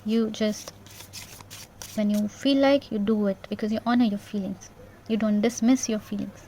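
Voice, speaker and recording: A woman giving an intuitive tarot reading in a gentle, reassuring way, repeating herself and checking in with "yeah?". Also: mid-range voice, steady tone, normal speed, a little hiss or hum. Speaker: tarot reader.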